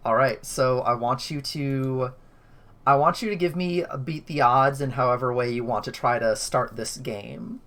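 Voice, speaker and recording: A woman's voice: a bass voice, normal speed, fairly bright tone. Rambling woman game master. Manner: rambling, thinks aloud with many fillers. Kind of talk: running a tabletop game.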